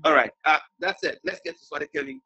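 An excitable man hosts an online reading, gushing and tripping over his own restarts. His voice is bright and gravelly with a husky edge. His pitch leaps all over the place. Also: quick pace, lo-fi sound. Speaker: host. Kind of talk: casual hosting on a video call.

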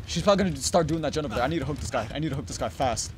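A man giving live gameplay commentary, muttering under his breath and then yelling profane taunts at other players. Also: animated, rapid-fire, hardly any pauses. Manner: mutters low, then bursts into loud taunting yells; profane, trash-talking. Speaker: gaming YouTuber.

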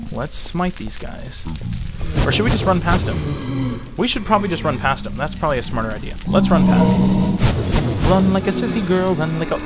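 Excitable guy narrating his game, voice bouncing all over, quick repeated phrases, loud background music. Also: medium pitch. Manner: excitable, repeats phrases rapidly under pressure. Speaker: gameplay channel host. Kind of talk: excited gameplay commentary.

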